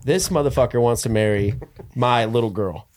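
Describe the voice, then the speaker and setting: A man co-hosting a podcast, switching between loud, mock-stern improvised comedy role-play and laughing casual chat. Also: mid-range voice, normal speed. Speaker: podcast co-host.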